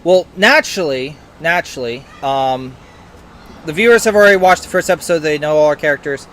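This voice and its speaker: A man's voice: fairly high pitch, a bit bright, slight background noise. A man chatting casually as a player in a tabletop game, recorded outdoors. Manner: chatty, quick, full of fillers.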